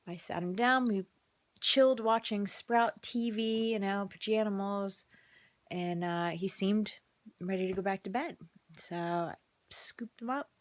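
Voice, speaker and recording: A woman's voice: medium pitch, fairly even intonation, a little slow, dry recording. A worn-out mother telling a casual vlog story about a long night, chatty and often dropping into a whisper. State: exhausted. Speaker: mother vlogging. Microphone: phone camera.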